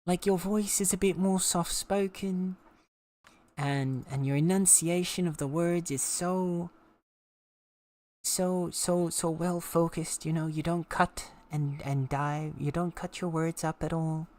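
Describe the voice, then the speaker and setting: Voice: mid-range voice, steady tone, slow, a little mellow. A game streamer chatting casually with viewers while playing, playful and teasing. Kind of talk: casual live-stream chat while gaming.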